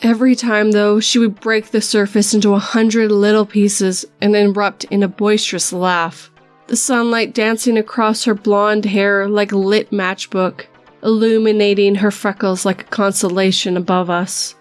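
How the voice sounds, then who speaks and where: Female horror narrator, measured storytelling, mid-pitched, soft music bed. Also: level tone, dry recording. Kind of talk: first-person horror narration.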